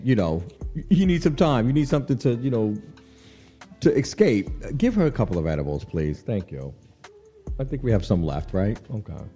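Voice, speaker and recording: A man hosting a radio show, chatting casually and laughing often as he riffs on a celebrity breakup. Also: medium pitch. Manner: animated, chatty, laughs often, frequent "you know what I'm saying". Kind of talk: casual on-air commentary. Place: radio studio.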